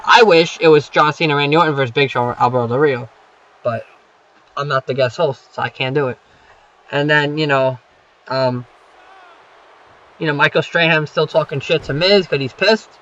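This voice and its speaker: Rambling young man, bright lo-fi voice. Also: fairly high pitch. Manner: rambling, many fillers and profanity. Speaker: wrestling show recapper. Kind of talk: casual spoken recap. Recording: dull lo-fi home recording.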